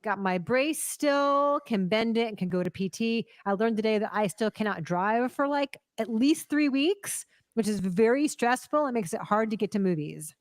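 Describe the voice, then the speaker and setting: A woman's voice: a little high, lively intonation, moderate pace, hardly any pauses, no echo, studio quality. A woman co-hosting a live movie news stream, chatting casually and greeting viewers by name, with frequent ums.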